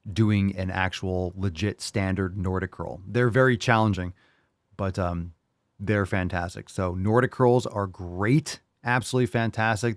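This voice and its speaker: A podcast host and fitness coach with a voice on the low side jokes and swears between bits of casual training advice. He's brash, profane and enthusiastic, and the recording is dry with clean studio sound.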